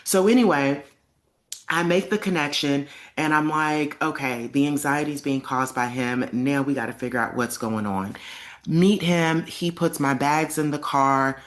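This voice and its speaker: A woman's voice: low-pitched, measured pace. A young adult woman telling a personal story to camera in a casual, emphatic way, acting out the lines she quotes. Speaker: vlogger.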